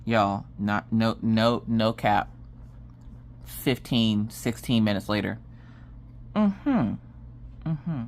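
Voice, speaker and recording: A Southern American woman in her thirties chatting casually, acting out family members' lines in an exasperated storytelling manner. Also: takes it slowly. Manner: animated, acts out family members' lines with big pitch jumps and exasperated whispers. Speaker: craft vlogger.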